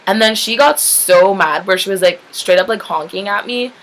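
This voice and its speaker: A woman's voice: medium pitch, normal speed, a bit bright, poor audio. A young woman vlogger telling a story in a casual, rambling way, saying "like" constantly and swearing freely. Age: young adult. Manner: chatty, rambling, heavy use of "like", candid swearing.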